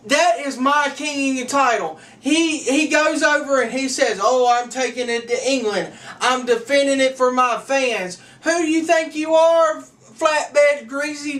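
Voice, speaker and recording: A man's voice: very high-pitched, fairly bright tone. A man hosting a fan wrestling show, delivering a taunting, ranting trash-talk promo that calls out rivals. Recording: distant from the mic.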